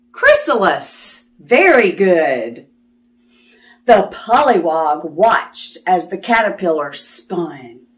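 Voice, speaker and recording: A woman reading a picture book aloud to children, animated and delighted, stopping to ask them questions. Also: mid-range voice. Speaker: children's storyteller.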